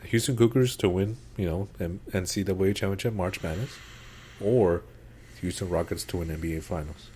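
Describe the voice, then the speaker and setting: A man co-hosting a sports podcast, chatty and excitable, calling his co-host "bro" and "dude.". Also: sits low, brisk, a little hiss or hum. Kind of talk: casual sports chat.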